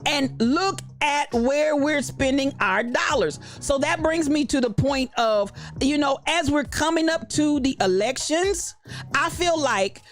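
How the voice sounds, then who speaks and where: With soft music playing behind her, this Kansas City, USA podcast host speaks in a high, expressive voice at a measured pace. Passionate and a bit preachy on current events, she greets her live chat and responds to it as she goes.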